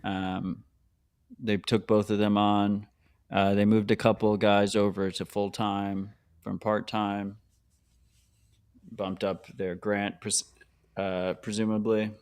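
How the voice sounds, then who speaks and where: A man's voice: on the low side, level tone, a little mellow, clear, resonant tone. A man co-hosting a podcast who answers in blunt, short remarks and then talks the point through. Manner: blunt, quick short replies. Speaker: podcast co-host. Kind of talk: casual news chat.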